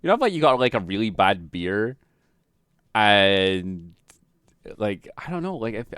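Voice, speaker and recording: A man chatting casually over a video he is reacting to, rambling and jokey, full of fillers. His voice is smooth and clear, with a very lively, bouncing pitch and a dry, close sound. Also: unhurried, dry recording.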